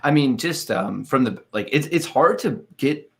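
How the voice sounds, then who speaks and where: A man chatting in a relaxed way on a podcast, with some hesitation. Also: medium pitch, a little slow, creaky. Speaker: podcast panelist. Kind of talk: casual podcast chat.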